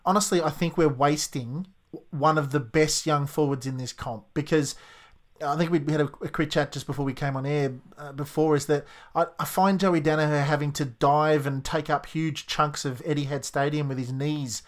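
A man's voice: a little high, steady tone, moderate pace. A man hosting a radio chat, opinionated and openly worried like a passionate fan. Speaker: radio host.

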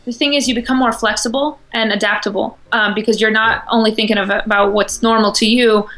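A woman's voice: medium pitch, bright, forceful tone, rough recording. A woman guest in an interview, speaking confidently and casually, often laughing.

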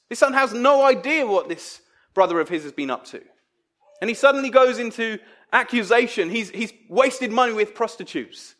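A man's voice: high voice, expressive, normal speed, a bit bright. A man preaching a sermon in a conversational, emphatic way, acting out quoted voices.

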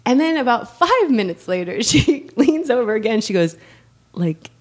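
A woman's voice: a little high, very animated, moderate pace. A woman talking casually in an interview about mentoring girls, telling stories with frequent laughs and fillers. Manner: warm storyteller, laughs often, many fillers.

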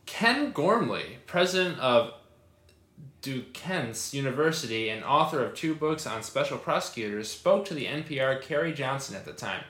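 A man's voice: mid-range voice, fairly bright tone, echoey room. A young man co-hosting a casual podcast, reading news passages aloud and joking around in between. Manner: loose, joking, reads article passages aloud. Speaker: podcast co-host.

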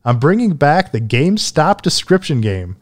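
A man's voice: on the high side, sing-song, moderate pace. A man hosting a casual gaming podcast, often laughing while he reads out listener mail and game clues. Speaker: podcast host.

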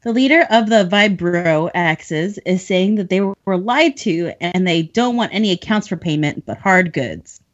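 A woman's voice: on the low side, animated, unhurried, few pauses, lo-fi sound. A woman podcast host who recaps book chapters in a chatty way and laughs often between lines.

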